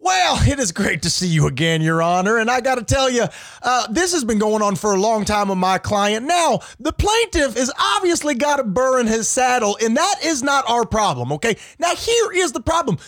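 A man's voice: very high voice, sing-song, moderate pace, fairly bright tone, no echo, clean studio sound, heavily acted. A man doing a pompous folksy defense lawyer. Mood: smug. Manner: theatrical, full of old rural sayings. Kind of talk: improvised comedy role-play.

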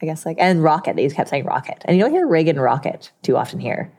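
Giggly young woman with lively pitch. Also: fast talker. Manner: giggly, laughs often mid-sentence. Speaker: podcast co-host. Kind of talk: casual chat.

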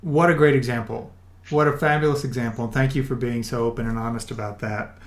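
A man's voice: mid-range voice, fairly even intonation, fast, echoey room. A man hosting an interview show, appreciative and encouraging toward his guest. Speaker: podcast host. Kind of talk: interview conversation.

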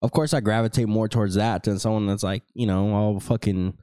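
A young man co-hosting a podcast, talking in a loose, profane and animated way in casual chat. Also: on the low side, a little fast, clear, resonant tone, no echo, studio quality. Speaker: podcast co-host.

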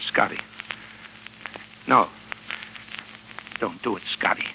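An actor playing a scheming gangster with a gravelly, wheedling voice, in 1940s radio acting style on a dull old broadcast. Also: male voice, lowish voice, slow, a little hiss or hum. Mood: pleading. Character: gravelly scheming gangster, cowardly when cornered.

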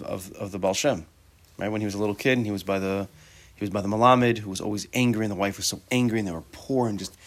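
A man with a somewhat low voice leads a Torah class. He talks to his students in a loose, conversational way. He drops Hebrew terms into his English, asks rhetorical questions and makes joking asides. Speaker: Torah teacher.

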